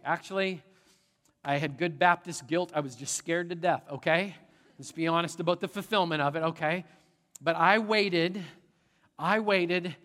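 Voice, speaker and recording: A middle-aged man preaching a sermon as pastor, animated and conversational, often checking in with the congregation. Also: on the high side. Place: large church sanctuary. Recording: long church hall reverb.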